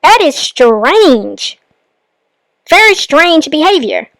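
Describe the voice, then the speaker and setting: A woman's voice: sits high, very animated, creaky, a bit bright, no room sound, rough recording. A woman hosting a reaction channel, commenting critically and with disbelief on a clip she has just played. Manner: critical, incredulous, measured.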